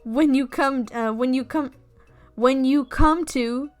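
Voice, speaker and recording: Giggly woman game streamer, high voice, foul-mouthed and rambling, faint music behind. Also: slow, smooth. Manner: giggly, rambling, swears often. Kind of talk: let's play commentary with read-aloud game text.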